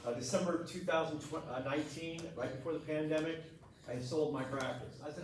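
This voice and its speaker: A middle-aged chiropractor tells his story bluntly and animatedly to a group, speaking fairly quickly in a fairly high voice. The recording of this testimonial talk is noisy, from an echoey room with the mic far off.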